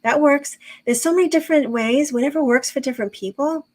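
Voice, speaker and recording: A middle-aged woman chatting calmly as an interview guest, explaining with long examples and many fillers. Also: high-pitched, brisk, poor audio. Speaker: guest, intuitive medium and teacher. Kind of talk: casual interview chat.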